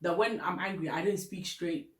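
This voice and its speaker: A woman's voice: on the low side, moderate pace, echoey room. A woman from Ghana with a Ghanaian English accent, chatting candidly and laughing often as she gives relationship advice. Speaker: vlogger giving relationship advice. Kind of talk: casual advice chat.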